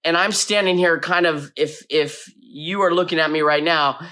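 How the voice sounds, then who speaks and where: A man telling a behind-the-scenes anecdote in an animated storytelling way, acting out his own past lines. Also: fairly high pitch, normal speed, clear, resonant tone.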